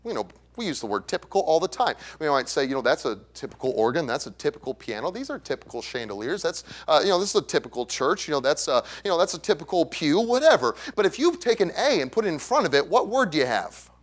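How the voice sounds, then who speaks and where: Man preaching in a church, lively swooping delivery, higher voice, questions to the pews. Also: fast, few pauses. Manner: animated, asks the congregation questions, acts out voices. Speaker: evangelist preacher. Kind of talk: sermon. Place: church sanctuary.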